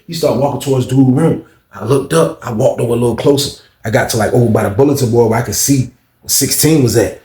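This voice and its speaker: A man telling a story casually, animated and slangy, acting out the people in it. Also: mid-range voice, fast talker. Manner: animated, slangy, voices characters. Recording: roomy echo.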